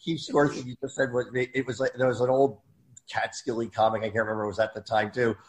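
A man's voice: mid-range voice, little pitch movement, fast. Rambling, joking man in casual chat.

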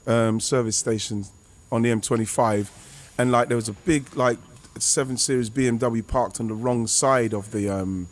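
A former footballer, telling a rambling, excitable anecdote over a remote call. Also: male voice, medium pitch, normal speed, few pauses. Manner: rambling, excitable, many restarts and fillers. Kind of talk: casual anecdote on a podcast.

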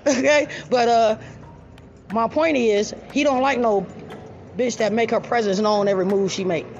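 Gravelly high-voiced woman telling a story. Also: moderate pace, dull audio, a little hiss or hum. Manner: profane, animated, loud. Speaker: storyteller vlogger. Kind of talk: casual storytelling rant.

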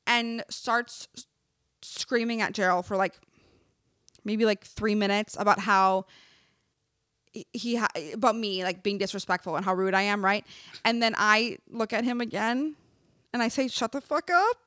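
Animated young woman, dry close mic. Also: medium pitch, normal speed, pauses often, no echo. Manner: animated, filler-heavy with constant "like", swears freely. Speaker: podcast co-host. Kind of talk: casual chat, telling a story.

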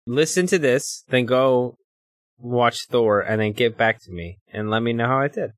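A man's voice: mid-range voice, normal speed, dry recording, studio quality. A man co-hosting a podcast, chatting casually and joking his way through the show's outro. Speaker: podcast co-host. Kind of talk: casual chat and show outro.

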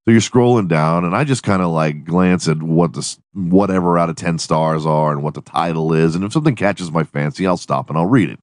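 A man's voice: sits low, fairly quick, few pauses, no room sound, studio quality. A man hosting his podcast in a profane, rambling, giggly solo monologue. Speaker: podcast host.

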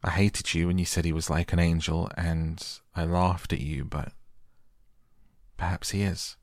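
A man voicing a frail, sickly young boy in a storybook reading, soft-spoken and eager. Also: low voice, flat delivery, a little slow, dry recording, clean studio sound. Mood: wistful.

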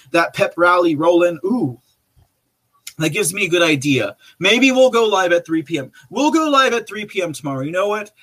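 Man, higher-pitched voice, podcast host, casual live commentary, rambling, chuckling. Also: sharp tone. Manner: rambling, chatty, addresses listeners directly; chuckles between remarks.

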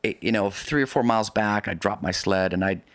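A man's voice: on the low side, brisk, no echo. A man being interviewed, telling a long story in casual conversation. He rambles, restarts his sentences often and adds vivid asides. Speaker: interview guest recounting a polar expedition.

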